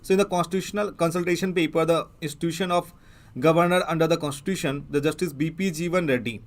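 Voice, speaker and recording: A man with an Indian English accent teaching an exam prep lesson, explaining as he goes and pausing often with fillers and restarts. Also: on the high side, fairly even intonation. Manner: halting, many fillers and restarts. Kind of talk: newspaper analysis lecture.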